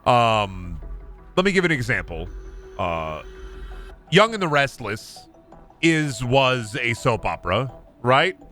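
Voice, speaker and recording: A male game streamer chats casually over his gameplay, animated and joking, with plenty of profanity. His voice is bright and forceful. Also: mid-range voice, slow, pauses often, soft background music. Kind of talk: casual live-stream commentary.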